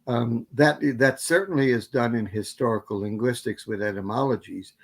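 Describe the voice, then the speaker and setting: A man's voice: mid-range voice, normal speed. Rambling man answering questions. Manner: rambling, self-correcting with many fillers. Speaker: guest lecturer. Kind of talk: academic Q&A answer.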